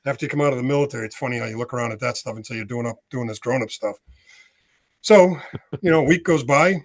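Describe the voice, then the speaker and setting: A man's voice: medium pitch, quick pace. A man in his sixties from the United States, an author and veteran telling his story as a podcast guest, acting out the dialogue as he goes. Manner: animated storyteller, acts out dialogue.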